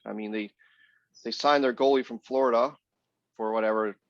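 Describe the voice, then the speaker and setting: A man's voice: medium pitch, fairly even intonation, normal speed, no room sound. A man co-hosting a casual hockey podcast, blunt and sarcastic in his opinions. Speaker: podcast co-host. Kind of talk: casual sports chat. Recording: dull lo-fi, dry sound.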